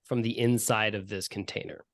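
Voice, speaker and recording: A tabletop game master narrates the scene in a loose, chuckling way and stops often for fillers. The voice sits at a middle pitch and sounds dry and close to the mic. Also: steady tone, moderate pace, dry recording. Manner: laughing, loose, filler-heavy.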